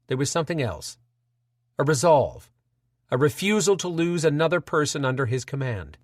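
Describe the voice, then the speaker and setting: A man narrating an audiobook in a dramatic, measured reading. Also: mid-range voice, no echo, clean studio sound.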